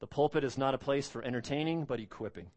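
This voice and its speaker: A man's voice: mid-range voice, a little mellow. Earnest, emphatic male preacher. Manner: earnest, emphatic preaching with repeated phrases and drawn-out stresses. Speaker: pastor. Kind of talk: expository sermon.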